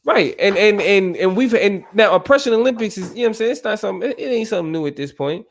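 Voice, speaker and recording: Man co-hosting a podcast chat, slightly high voice, emphatic and searching for words. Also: expressive, fast. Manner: emphatic, keeps asking "you feel me". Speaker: podcast co-host. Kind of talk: casual podcast discussion.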